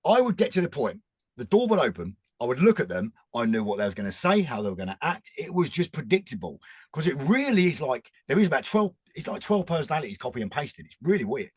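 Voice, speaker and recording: Rapid, animated man in his forties. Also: medium pitch, husky, dry recording. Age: 40s. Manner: rambling and animated, frequent restarts. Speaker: guest. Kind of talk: casual chat.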